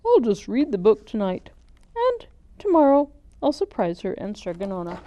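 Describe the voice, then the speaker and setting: A woman voicing a clumsy, impulsive young man disguised as a girl apprentice, speaking loudly and excitedly, pleading, in a dull lo-fi recording. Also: mid-range voice, moderate pace. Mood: eager.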